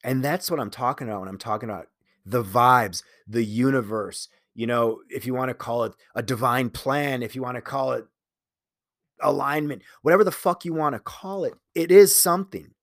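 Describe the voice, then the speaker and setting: A man's voice: mid-range voice, moderate pace, no room sound, studio quality. A man talking in a casual solo monologue, telling a candid, profane personal story and earnestly preaching about living life your own way. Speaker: solo speaker.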